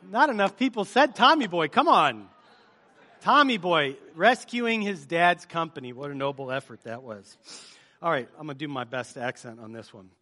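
A high-pitched man with a bright, forceful voice opens a sermon for a live congregation. He talks in a chatty, joking way and quizzes the crowd with energy. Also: animated, normal speed. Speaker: pastor. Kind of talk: sermon opening with a movie-quote game. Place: church service before a live congregation.

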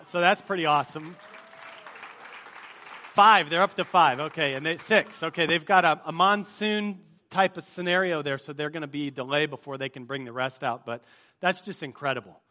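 A man's voice: a little high, moderate pace, sharp tone. A man leading a church congregation in a sermon opening, chatty and joking as he quizzes the crowd. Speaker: pastor. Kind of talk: sermon opening with a movie-quote game. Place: church service before a live congregation.

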